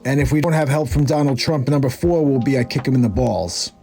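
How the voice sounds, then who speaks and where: A man doing impressions of famous businessmen in a breathy whisper and of a brash, rushed governor, with faint music behind. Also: medium pitch, warm tone, voice pushed down, close to an everyday voice.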